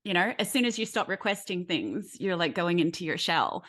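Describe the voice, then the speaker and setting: A woman's voice: on the low side, sing-song, a little fast, fairly bright tone. A woman hosting a podcast, chatting casually and laughing along with her guest. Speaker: podcast host. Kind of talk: casual chat.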